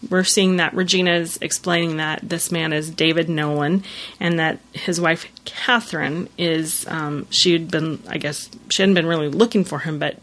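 A woman with a slightly low voice chats through a plot recap. She talks loosely and easily, scattering fillers as she goes. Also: steady tone, normal speed, fairly bright tone. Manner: retells scenes with many "you know" fillers and acted-out quotes. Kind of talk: casual episode recap.

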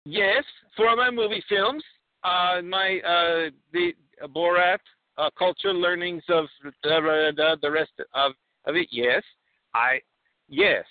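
A man's voice: a little high, expressive, no echo. A man doing a bumbling foreign reporter on the phone. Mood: excited, bumbling. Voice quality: broken English, halting. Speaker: prank caller. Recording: tinny phone line, dry.

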